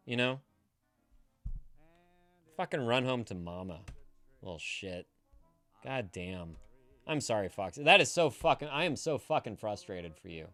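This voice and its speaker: A man in his thirties streams live from home, reading chat messages and answering them with profane, indignant ranting. His voice sits fairly low and the sound is dry and close on a desk microphone. Faint music plays underneath. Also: expressive, measured pace, pauses often, fairly bright tone, no echo.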